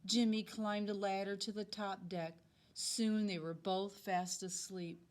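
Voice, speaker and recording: Reading a picture book to her second graders, a woman with a mid-range voice takes a slow, dramatic, expressive approach.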